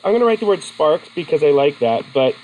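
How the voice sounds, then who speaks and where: A man's voice: on the high side, very animated, fairly quick, a little mellow, low-quality recording. A man teaching a class in a classroom, chatty and asking his students questions. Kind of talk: classroom lesson.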